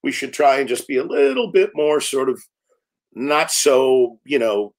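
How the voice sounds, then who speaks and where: A man's voice: mid-range voice, a little slow. Middle-aged man telling stories. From United States. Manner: animated anecdote-telling, acts out quotes. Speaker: film director, guest. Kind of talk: storytelling interview talk.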